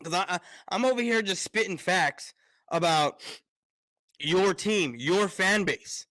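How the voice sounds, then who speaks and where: A man's voice: high-pitched, takes it slowly, bright, forceful tone, dry recording. A man ranting on a casual sports live stream, fired up, repeating words and restarting his sentences often.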